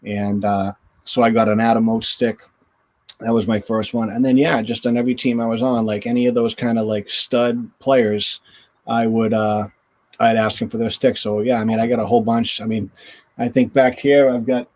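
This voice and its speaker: A middle-aged former hockey goalie with a medium-pitched voice speaks at normal speed, telling stories as a guest on a video call interview. He's animated, acting out quotes in a raised voice.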